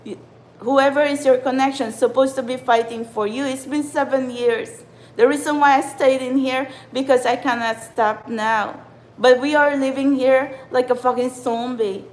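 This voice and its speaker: A woman's voice: high voice, steady tone, normal speed, low-quality recording. A woman, a spiritual channeler giving an upset, ranting monologue to her followers and swearing often. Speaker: spiritual channeler and tarot reader. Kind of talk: impassioned livestream monologue.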